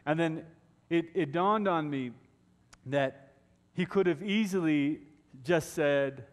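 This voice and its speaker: Slow, dramatic pastor in a reverberant church. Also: male voice, a little high. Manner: dramatic storytelling, dropping to hushed tones. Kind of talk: Easter sermon. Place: church sanctuary. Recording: long reverb of a church hall.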